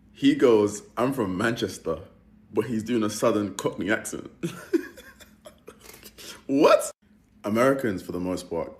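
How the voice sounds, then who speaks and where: A man with a British accent and a very low voice chats in a relaxed, amused way. His commentary is casual and conversational. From United Kingdom.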